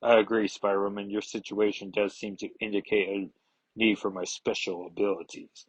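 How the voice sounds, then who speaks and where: A man voicing an elderly male telepath mentor, speaking in a measured, gentle, reassuring way. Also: fairly low pitch, little pitch movement, husky, no echo, rough recording.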